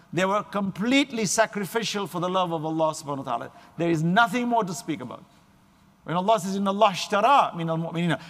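A man's voice: high voice, a bit bright, long reverb tail. A man preaching an earnest religious sermon to a gathering, emphatic, with recited Arabic scripture.

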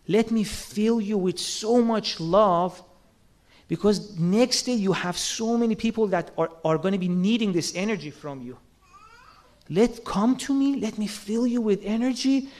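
A man with a strikingly high voice delivers a sermon to his listeners. He speaks earnestly, asks rhetorical questions and slips into acted-out quotes to make each point. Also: a little slow, a little mellow. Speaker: religious speaker.

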